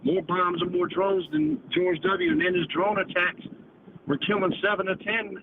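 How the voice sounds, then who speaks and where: A caller from the United States talks in a loose, rambling way, swearing and tagging "man" onto his sentences. His voice sits a bit high for a man. It comes through a thin, phone-like line with a loud hiss behind it. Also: animated, normal speed. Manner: rambling, profane, repeats "man" constantly. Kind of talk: casual call-in chat.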